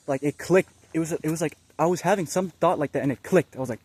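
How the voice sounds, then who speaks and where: A young man casually telling a spiritual experience, rambling and excitable, full of fillers and slang. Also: a little high, very fast, hardly any pauses, husky. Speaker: vlogger.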